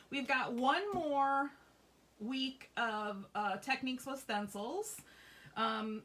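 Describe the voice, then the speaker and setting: A woman's voice: high-pitched, fairly bright tone. A woman hosting a live craft demonstration, chatty and upbeat, reassuring viewers as she shows a stamping technique. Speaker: craft workshop host. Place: craft store classroom.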